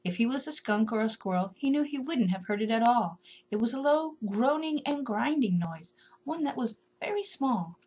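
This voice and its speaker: A woman narrating a rhyming children's story in a gentle, rhythmic way. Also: on the high side, lively intonation, normal speed, husky.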